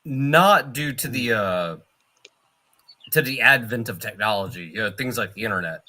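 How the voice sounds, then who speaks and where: A man co-hosting a casual chat, thoughtful and measured. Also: lowish voice, expressive, sharp tone. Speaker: podcast co-host.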